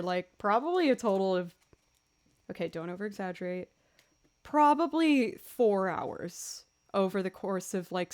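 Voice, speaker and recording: A young woman chats with her stream viewers between songs. She tells stories in a lively, chatty way and laughs often, at a mid pitch for a woman. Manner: chatty, animated storytelling with laughs. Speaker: livestreaming musician. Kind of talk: casual chat with stream viewers.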